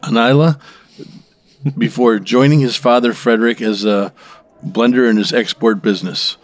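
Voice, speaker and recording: A man co-hosting a drinks show, reading out a brand's history in a steady manner. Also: medium pitch, moderate pace, no echo. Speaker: co-host presenting background. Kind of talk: read-aloud background segment.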